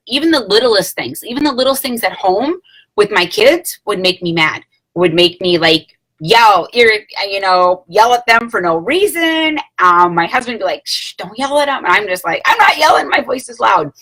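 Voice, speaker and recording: A woman's voice: mid-range voice, bright, forceful tone, rough recording. A woman in her late thirties chatting casually to camera, rambling with many fillers and self-corrections and small laughs. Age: late 30s. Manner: laughs between phrases. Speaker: vlogger sharing a product testimonial.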